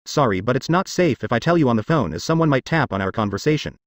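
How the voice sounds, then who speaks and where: A cocky, boastful informant talks bluntly, sure of himself, put on by a male narrator. The delivery is lively and rises and falls a lot. The recording is dry and close, with no room sound. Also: medium pitch, quick pace, dry recording, close to an everyday voice. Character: deep-voiced male informant, brash and cocky. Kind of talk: audiobook character dialogue.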